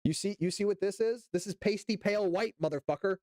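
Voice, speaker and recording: A man's voice: high voice, quick pace, a little mellow, no echo, studio quality. A man hosting a livestream, reading news aloud and commenting in a sarcastic, profane way with bursts of mock outrage. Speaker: livestream host.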